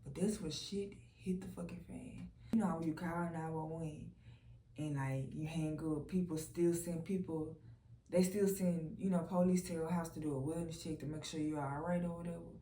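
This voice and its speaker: A woman's voice: deep voice, fairly even intonation, moderate pace, warm tone. A young woman candidly telling her personal testimony in a casual, storytelling way, swearing freely and filling her speech with "like". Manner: candid, profane, lots of "like" fillers. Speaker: vlogger sharing a personal testimony. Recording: roomy echo.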